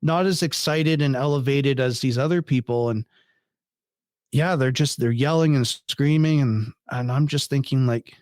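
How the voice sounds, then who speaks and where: A man as a podcast guest, telling a story in casual chat, animated and incredulous, swearing freely. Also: medium pitch, normal speed, dry recording, clean studio sound.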